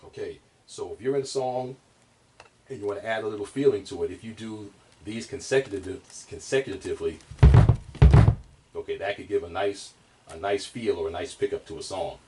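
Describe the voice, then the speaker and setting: A man teaching bass drum technique in a casual, rambling way, with many fillers and restarts. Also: normal speed, very noisy. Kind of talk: casual instructional talk. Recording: distant mic, drums playing.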